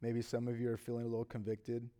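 A man's voice: medium pitch, completely flat delivery, fast. Earnest male pastor preaching conversationally. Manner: earnest, conversational preaching with emphatic rises and quiet drops. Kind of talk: sermon.

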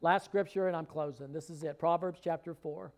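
High-voiced man preaching fervently. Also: steady tone, a little fast, darkish tone. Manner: fervent, rising to emphatic scripture readings. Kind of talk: sermon. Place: church hall with congregation.

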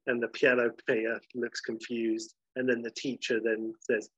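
Husky man telling a scene casually. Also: medium pitch, level tone, normal speed, few pauses, dry recording. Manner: rambling, lots of "like" and "you know". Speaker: storyteller pitching a comedy scene. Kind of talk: casual spoken storytelling. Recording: slightly dull lo-fi recording.

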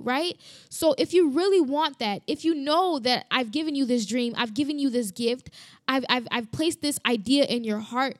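A woman's voice: high-pitched, a little fast, dry recording, studio quality. A woman preaching in a casual, emphatic way into a microphone, repeating phrases and asking rhetorical questions. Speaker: christian podcast host. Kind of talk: casual sermon. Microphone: studio mic.

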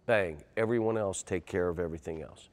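An older man, a basketball coach, telling animated stories in an interview and getting loud and excitable. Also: low voice, fairly quick. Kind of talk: interview storytelling.

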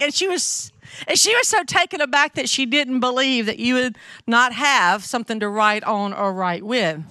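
A middle-aged Southern woman with a Southern accent gives a chatty, candid, conversational sermon to a women's gathering as a women's ministry speaker, often asking her listeners questions to check in. Her voice is a little high, bright and forceful yet smooth, recorded in studio quality with no room sound.

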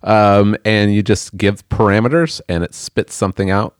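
Deep voiced guy hosting a podcast, friendly, lots of restarts, dry sound. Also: steady tone, clean tone, no echo. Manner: genial, halting with restarts. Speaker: podcast host. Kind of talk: casual chat.

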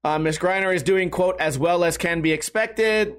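A young man with a high-pitched voice hosts a loose, profane talk show. He rambles and mocks himself. His pitch jumps up and drops low as he riffs. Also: normal speed, fairly bright tone, clear, resonant tone. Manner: rambling, self-mocking, swings between high and low pitch. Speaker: podcast host. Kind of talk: casual profane rant.

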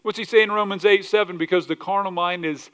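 A male pastor preaching a sermon, animated, asking rhetorical questions and often restarting his words. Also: high voice, fast talker, clear, resonant tone. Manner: animated, rhetorical questions, acts out quoted voices; repeats words and restarts mid-sentence.

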